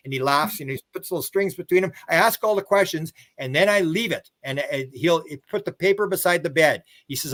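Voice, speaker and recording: A man's voice: on the high side, a little fast, few pauses, fairly bright tone. An older man, a guest author and researcher, telling long rambling stories in a casual interview. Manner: rambling storyteller who acts out other people's words.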